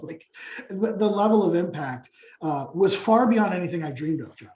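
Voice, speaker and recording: A man in his thirties, a nonprofit president and CEO, telling animated stories with lots of fillers on a webinar panel. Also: sits high, moderate pace. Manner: animated storytelling with many fillers. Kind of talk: casual webinar panel talk. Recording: echoey muffled call audio.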